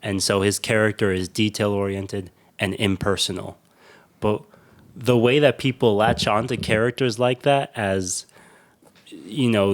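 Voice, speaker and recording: A young man co-hosting a podcast, chatting casually about a film and giving his opinions. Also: lowish voice. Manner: opinionated, talks over partner, frequent "in my opinion". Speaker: podcast co-host. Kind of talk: casual film review chat.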